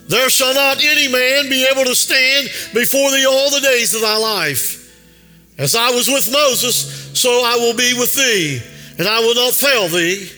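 Male pastor, very high and piercing voice, chanting sermon cadence, echoing church hall. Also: pushed and bright. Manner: sing-song preaching cadence with rhetorical calls to the congregation. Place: church sanctuary. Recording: long hall reverb with faint music.

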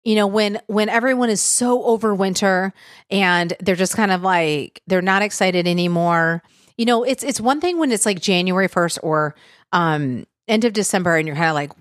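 A woman's voice: mid-range voice, moderate pace, dry recording, clean studio sound. A woman hosting a casual motivational podcast, chatty and full of filler words, with a tickle in her throat. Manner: chatty, lots of "like" and "um". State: throat tickle, clearing throat and coughing. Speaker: podcast host. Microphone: podcast mic.

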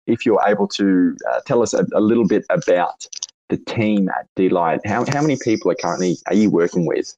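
A man with an Australian accent and a raspy voice, hosting a casual audio chat and asking long, rambling questions with lots of fillers. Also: deep voice, brisk, dark tone, no echo, highs cut off. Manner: rambling, self-correcting questions with frequent fillers. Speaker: host. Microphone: online audio chat room.

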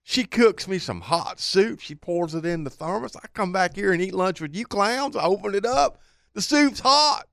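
A man doing high drawling Southern rednecks. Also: lively intonation, normal speed, gravelly, a bit bright, no echo, clean studio sound, full character voice. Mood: amazed. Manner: high-pitched, drawling, incredulous joke voices. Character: three rednecks from a joke, factory lunchroom workers.

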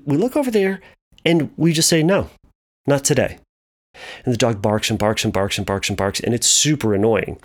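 Animated man telling a teaching story. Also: medium pitch. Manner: animated, repetitive and playful. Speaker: speaker explaining anxiety. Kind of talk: storytelling metaphor lesson.

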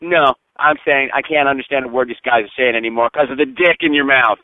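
A man's voice: mid-range voice, fast, dry recording. A man leaving a sarcastic, profane, mocking voicemail for a podcast. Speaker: voicemail caller. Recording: tinny phone line, dry.

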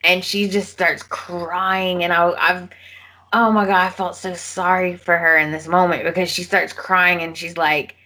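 Slow-talking woman recapping a soap. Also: on the low side. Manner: animated retelling, acting out characters' lines. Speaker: podcast co-host. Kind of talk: casual soap opera recap chat.

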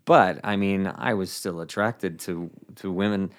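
A man, a comedian guest, telling a funny story in a podcast interview, animated and acting out voices. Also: sits low, unhurried. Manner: animated, acts out voices with bursts of laughter.

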